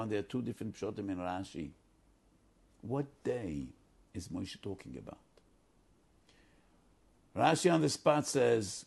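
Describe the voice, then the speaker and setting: Rabbi, male, low husky voice with gravel, earnest Torah sermon, emphatic delivery. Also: very animated, unhurried, long pauses. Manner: earnest, emphatic, mixes Hebrew quotes into English. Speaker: rabbi teaching the weekly Torah portion.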